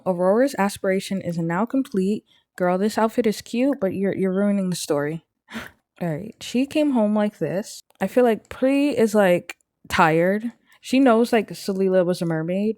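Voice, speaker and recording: A woman's voice: medium pitch, animated, moderate pace, darkish tone, no room sound. A young woman casually commenting on her gameplay, chatting along and voicing her characters' thoughts. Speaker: gameplay streamer. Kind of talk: casual let's-play commentary.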